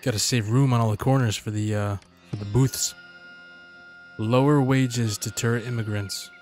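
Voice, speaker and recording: A man's voice: mid-range voice, fairly even intonation, normal speed, a little mellow, faint music behind. A man giving casual gameplay commentary, swearing and talking sarcastically to the characters on screen. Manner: profane, sarcastic, talks to game characters. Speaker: gaming channel host.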